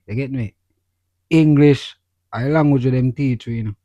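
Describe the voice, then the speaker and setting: A man's voice: medium pitch, moderate pace, warm tone, no room sound. A man from Jamaica with a Jamaican accent, co-hosting a podcast in casual chat, laid-back and agreeable, slipping into patois. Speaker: podcast co-host. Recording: dull lo-fi audio.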